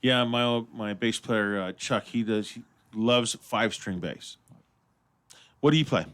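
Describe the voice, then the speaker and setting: A man's voice: fairly low pitch, unhurried, fairly bright tone, clear, resonant tone. A man hosting a casual radio show, rambling, swearing freely, and trailing off mid-sentence. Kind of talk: casual studio chat. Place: radio studio.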